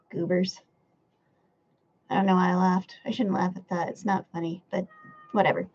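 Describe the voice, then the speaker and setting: This clip has a lowish, slightly rough female voice at an unhurried pace, with the high frequencies cut off. She's an American woman streaming live from a room by a window at home, reading out her chat in a relaxed way and frequently cursing and laughing.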